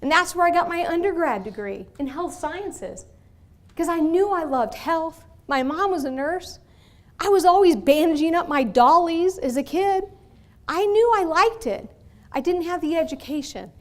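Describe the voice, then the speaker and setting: A woman with a mixed Michigan and Texas accent giving an animated motivational lecture, asking the audience questions. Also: extremely high pitch, normal speed. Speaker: guest speaker. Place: university lecture hall.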